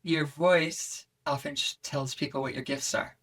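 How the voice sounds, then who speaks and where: A woman voice coach who is a guest on a podcast, talking in an expressive, animated way. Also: deep voice, a little slow, far from the mic.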